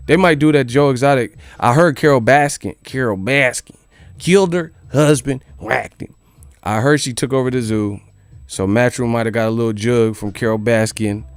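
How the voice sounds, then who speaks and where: A man's voice: mid-range voice, no room sound. A man hosting a boxing news channel in casual commentary, joking and incredulous, with plenty of swearing. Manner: incredulous, joking, profane rant.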